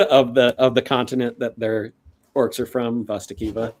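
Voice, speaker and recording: A man narrating a tabletop game as game master, unhurried and rambling with many fillers. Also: mid-range voice, little pitch movement.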